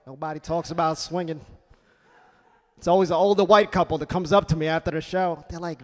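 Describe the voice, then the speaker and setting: A man doing a stand-up comedy set on a club stage, punchy and loud, with asides to the crowd. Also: on the high side, steady tone, fast talker. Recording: reverberant comedy club hall.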